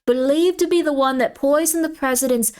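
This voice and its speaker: A woman's voice: high voice, brisk, darkish tone, pitched above the performer's own voice, natural voice. A woman voicing a theatrical fake psychic medium who coaxes a ghost, in a gushing, showy way. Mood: coaxing.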